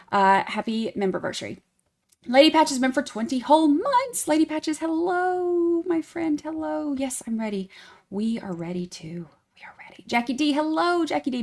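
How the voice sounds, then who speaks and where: A woman's voice: on the high side, creaky. A woman hosting a casual true crime livestream, greeting members by name in a singsong tone and rambling with fillers and restarts.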